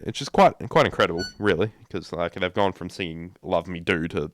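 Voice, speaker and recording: A man hosting a casual podcast, rambling and repeating himself as he gives quick opinions. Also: low voice, a bit bright, a little hiss or hum. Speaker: podcast host.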